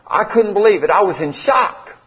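A man's voice: sits high, expressive, normal speed. A middle-aged man, preaching a sermon in a folksy, conversational way and acting out the dialogue of a story. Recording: slightly dull lo-fi sound.

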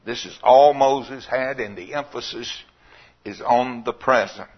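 A man preaching a sermon, telling folksy stories and rising to loud, emphatic points. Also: medium pitch, a little slow, dull audio.

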